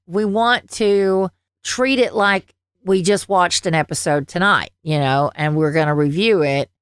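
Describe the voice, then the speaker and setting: A woman's voice: lowish voice, a little slow, smooth, no room sound, clean studio sound. A woman with a Southern accent, co-hosting a podcast in a rambling, chatty way full of fillers. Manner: rambling, lots of fillers and laughs. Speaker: podcast co-host. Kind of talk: casual chat. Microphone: headphones on, own mic.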